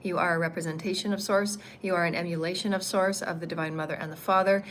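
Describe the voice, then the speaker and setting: Low-voiced woman giving a spiritual talk. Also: steady tone, quick pace, a bit bright, slight background noise. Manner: meandering, repetitive phrasing with frequent ums. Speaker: spiritual teacher. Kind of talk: livestreamed spiritual teaching.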